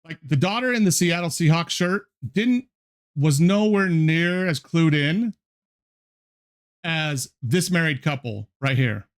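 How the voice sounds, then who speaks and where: A man's voice: a little high, animated. A man with a slightly raised voice, chatting on a live stream. He rambles and restarts as he reacts, his commentary loose and unscripted. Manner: rambling, halting, full of restarts.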